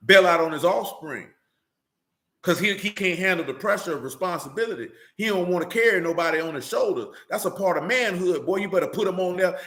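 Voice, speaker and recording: A man's voice: a little high, sharp tone, echoey room. A man preaching in a blunt, profane street-slang manner, often asking "you know what I'm saying.". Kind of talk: streamed sermon-style rant.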